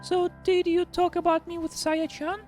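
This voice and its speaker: A man voicing a gentle young woman, the narrator's girlfriend, in a soft falsetto. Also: level tone, moderate pace, soft background music. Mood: curious.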